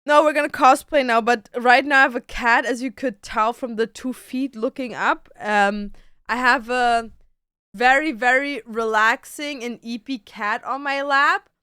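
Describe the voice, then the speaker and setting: A woman streamer talks casually and swears freely while reading out viewers' questions. Her voice sits a little high and sounds smooth. The recording is close and dry, with no room echo. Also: steady tone, a little slow, pushed and bright. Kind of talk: casual live-stream chat. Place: at home with a cat on her lap.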